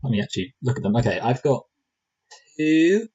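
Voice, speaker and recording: A man's voice: mid-range voice, big pitch swings, a little fast, darkish tone, breathy edge, dull audio. A man co-hosting a casual film review podcast, rambling and joking with lots of fillers and restarts. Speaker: movie review podcast co-host.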